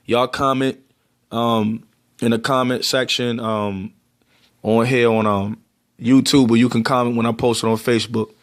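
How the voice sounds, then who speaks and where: A man's voice: mid-range voice, level tone, unhurried. A man from Baltimore with a Baltimore accent, rambling casually to the camera with lots of fillers. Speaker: vlogger.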